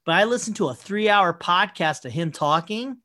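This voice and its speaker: A man's voice: sits high, expressive, moderate pace, sharp tone. A man in casual podcast chat, rambling through stories and acting out the people he quotes, swearing freely.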